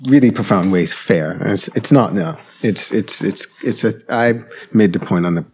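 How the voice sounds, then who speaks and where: A man's voice: deep voice, moderate pace, darkish tone, slight background noise. A man, a podcast host, reflecting casually on politics in a hesitant way, with many fillers and restarts.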